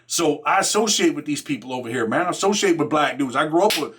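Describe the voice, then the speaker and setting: Over a noisy background, a middle-aged man from Rochester, New York spins a casual jailhouse tale for his podcast, full of street slang, "man," and "right?", acting out what others said. He talks fast in an expressive, fairly high voice.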